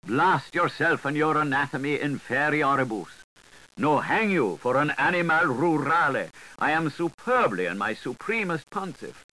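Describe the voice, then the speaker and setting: A man's voice: fairly high pitch, animated, moderate pace, pushed and bright, pitched above the performer's own voice, poor audio. A man doing a pompous, bellowing pontiff creature. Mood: blustering. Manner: blustering, commanding, pompous.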